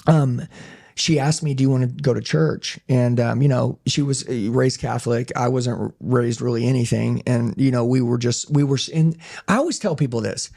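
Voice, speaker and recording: A man's voice: mid-range voice, normal speed, vocal fry, mellow. A middle-aged man telling his life story as a podcast guest, intense and emphatic, swearing casually. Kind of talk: conversational interview storytelling.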